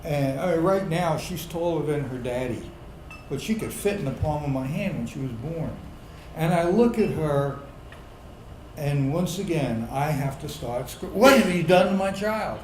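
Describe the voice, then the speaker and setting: A middle-aged man with a fairly high voice tells a funny true story live, unhurried and drawn out, then swells into loud indignant bursts. His voice carries the echo of a roomy pub, with a faint hum of the crowd's ambience behind it. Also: animated. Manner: comic, builds to loud indignant outbursts. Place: pub stage before a live audience.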